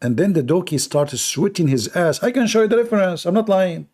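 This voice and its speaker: Mocking debate host, mellow higher voice. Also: male voice, big pitch swings, brisk, few pauses. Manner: mocking, sarcastic, with non-native broken grammar. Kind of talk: combative live debate talk.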